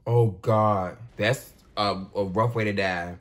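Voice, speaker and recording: A man giving casual, expressive commentary as he reacts out loud to a war movie. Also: lowish voice, takes it slowly. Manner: expressive, talks back at the screen. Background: war film soundtrack playing.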